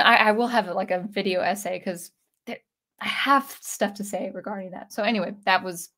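A woman composer hosting a video, ranting casually and rambling as she thinks aloud. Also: medium pitch. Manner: rambling, self-interrupting, animated. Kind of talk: casual rant vlog.

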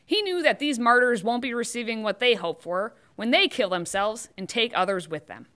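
A woman's voice: on the high side, lively intonation, moderate pace, fairly bright tone. A woman hosting scripted political commentary, delivering it with sarcastic, mocking asides.

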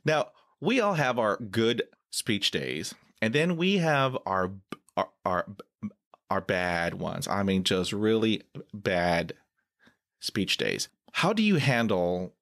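Stuttering through blocks and repeated sounds, a male podcast host leads a relaxed interview at an unhurried, animated pace. Laughter comes readily, with sudden pitch jumps each time.

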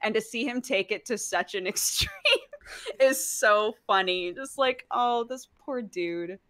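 A woman's voice: medium pitch, unhurried, sharp tone, no echo. A woman co-hosting a podcast, chatting casually about a manga, laughing often. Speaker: podcast co-host. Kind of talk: casual book club chat.

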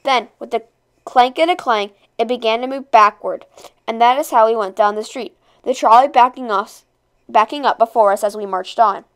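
A woman reading a novel aloud, expressive, with occasional slips and rereads. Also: a little high, moderate pace, clear, resonant tone. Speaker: read-aloud narrator.

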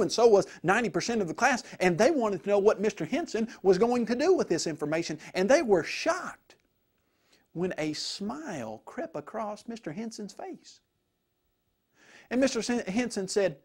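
A male preacher telling a story to make a point, with animated, emphatic delivery. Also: high-pitched, a little slow, breathy edge. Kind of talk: storytelling sermon.

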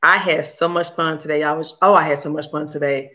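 A woman hosting a livestream in casual, upbeat chat with her viewers. She talks very fast. Her voice is bright and forceful. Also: low voice, steady tone. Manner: chatty and upbeat, addresses viewers as "y'all". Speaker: cooking channel host on a livestream.

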